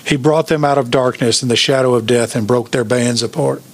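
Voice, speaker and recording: A pastor preaching an emphatic sermon, asking the congregation questions. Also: male voice, medium pitch, fairly even intonation, fairly quick, slight background noise.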